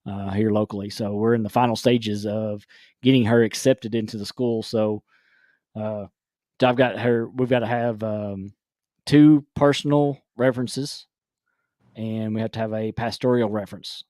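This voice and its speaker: A man's voice: on the low side, steady tone, moderate pace, mellow, dry recording. Rambling, laughing man host, dry sound. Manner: rambling, restarts, frequent laughs. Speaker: podcast host. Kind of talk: casual live-stream chat.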